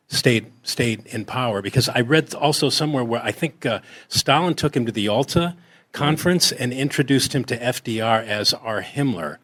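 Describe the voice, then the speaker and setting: A man's voice: mid-range voice, fairly bright tone. Hesitant man asking from the audience. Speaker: audience member asking a question. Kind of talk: casual question from the audience. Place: cinema auditorium.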